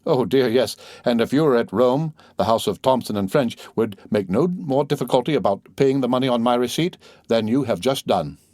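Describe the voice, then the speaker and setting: A man voicing a suave, wealthy nobleman in an audiobook reading, speaking in a polished, gently mocking way. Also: mid-range voice, expressive, moderate pace, no room sound, studio quality, natural voice. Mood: poised. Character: suave wealthy nobleman count, ironic and poised.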